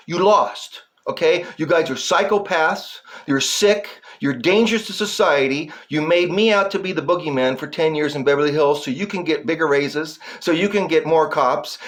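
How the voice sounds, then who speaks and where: A man's voice: on the high side, a bit bright. A man delivering an agitated, profane, rambling rant straight to camera, repeatedly addressing his viewers as folks. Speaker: self-publishing filmmaker addressing police. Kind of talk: angry direct-to-camera rant.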